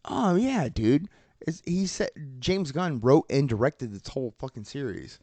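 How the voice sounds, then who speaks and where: A man's voice: medium pitch, unhurried, dry recording. A man talking in an easy, mid-range voice, riffing on TV episodes with lots of swearing and bursts of laughter. The sound is dry and close, with no room around it. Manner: excitable, swears a lot, laughs while retelling scenes. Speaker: podcast co-host. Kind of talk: casual pop-culture chat.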